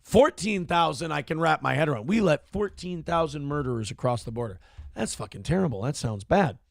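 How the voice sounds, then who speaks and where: A man hosting a morning show, ranting with profane sarcasm in a high, gravelly voice. His pitch swings widely as he talks, and the sound is dry and close. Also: expressive, brisk, no echo. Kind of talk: ranting commentary on news clips.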